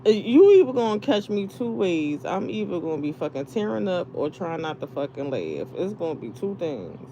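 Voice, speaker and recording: A woman's voice: lowish voice, very animated, moderate pace, warm tone, slight background noise. A woman venting casually to her viewers, rambling, swearing and laughing as she tells stories. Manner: profane, laughing, rambling storytelling. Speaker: live streamer.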